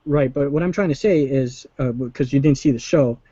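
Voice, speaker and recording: A man's voice: medium pitch, brisk, dark tone, husky, no room sound. A man chatting casually as host, rambling and acting out quotes in raised voices. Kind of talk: casual chat. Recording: dull lo-fi call audio.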